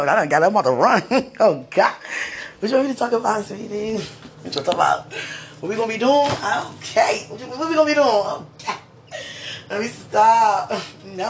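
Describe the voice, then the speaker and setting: A person chatting casually and affectionately at home in a kitchen, with frequent laughter and a playful, teasing manner. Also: mid-range voice. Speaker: person talking to a loved one. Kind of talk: casual one-sided chat. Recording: roomy sound from a distant mic with faint background noise.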